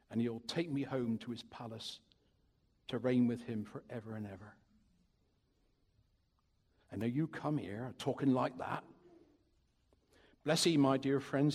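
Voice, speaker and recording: A man doing a devout old Cornish countryman, telling his tale in thick rustic dialect. The voice is husky and breathy, and it rings out with a long echo through a big church hall. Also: mid-range voice, darkish tone. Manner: folksy, earnest storytelling in rustic dialect. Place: church during a service. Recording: long reverb of a large hall.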